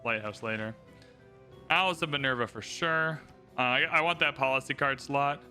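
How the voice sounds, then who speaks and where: A man's voice: mid-range voice, normal speed, pushed and bright, soft background music. A man giving casual, upbeat livestream commentary while playing a strategy game, thinking aloud and chatting to his viewers.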